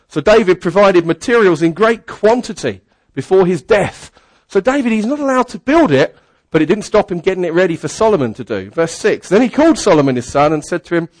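A man gives a sermon, reading Bible passages aloud and stopping to explain them in everyday words. His voice sits a little high for a man. The sound is dry and close, with little room echo. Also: sing-song, fairly quick. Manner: reads scripture aloud and adds plain asides. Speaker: preacher.

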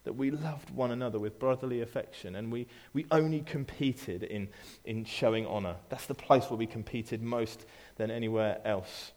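A man's voice: medium pitch, moderate pace, few pauses, a little mellow. A man preaching to his church, speaking casually with frequent restarts and playful asides. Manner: conversational, repeats words and restarts, playful asides. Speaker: pastor. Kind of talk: sermon.

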